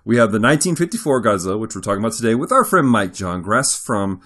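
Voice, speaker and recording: An upbeat man co-hosts a podcast in easy, casual chat. His voice moves lively up and down, and his delivery stays playful and talkative throughout. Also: lowish voice, quick pace. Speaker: podcast co-host.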